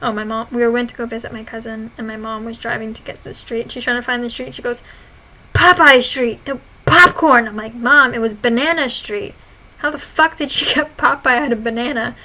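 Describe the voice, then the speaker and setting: Bright giggly young woman vlogger. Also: a little high, fast, poor audio. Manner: giggly, swearing, animated retelling. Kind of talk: casual reading of her own posts.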